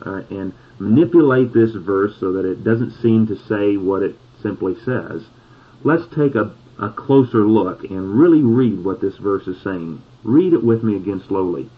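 A man preaching a sermon, reading scripture slowly and pausing on key words for emphasis. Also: fairly low pitch, husky. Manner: slow, deliberate scripture reading with emphatic pauses. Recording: tinny phone-like sound.

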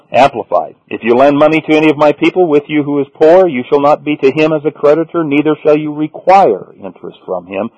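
A man's voice: mid-range voice, a little mellow, no echo. Guy preaching a bible lesson, reads verses then hammers the point, muffled dry old radio sound. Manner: reads scripture aloud, then comments and stresses points. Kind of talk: Bible teaching sermon.

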